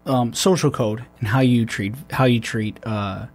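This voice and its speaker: A man's voice: medium pitch, steady tone, a little slow, no echo, soft background music. A man, a military veteran, talking in a loose, rambling way with many restarts and fillers. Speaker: podcast host. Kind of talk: casual conversation.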